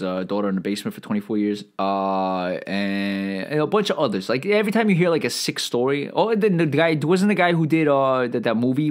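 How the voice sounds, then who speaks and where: A man hosting a podcast, talking in a rambling, profane comedic monologue, full of restarts and stammers, who says he feels bloated and irritable. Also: medium pitch. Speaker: podcast host.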